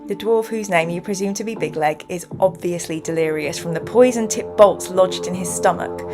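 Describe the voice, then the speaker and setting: A woman's voice: mid-range voice, moderate pace, few pauses, music in the background. A woman hosting a livestream, reading a gamebook aloud and chatting with viewers with plenty of giggles. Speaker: streamer and game host.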